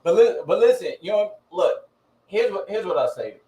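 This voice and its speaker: A man's voice: sits high, sing-song, normal speed, dark tone, echoey room, rough recording. A man co-hosting a podcast, telling personal stories in casual chat and acting out what others said. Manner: storytelling, mimics others in quotes. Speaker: podcast co-host.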